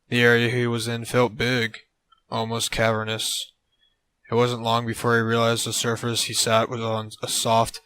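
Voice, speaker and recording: A man narrating an absurd comedic story in a deadpan way on a close mic. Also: lowish voice, clear, resonant tone, no echo, poor audio.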